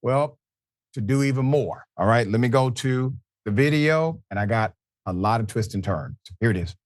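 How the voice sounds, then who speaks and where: A man hosting a news commentary show, delivering stories with dramatic emphasis and pauses. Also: mid-range voice, lively intonation, dry recording, clean studio sound.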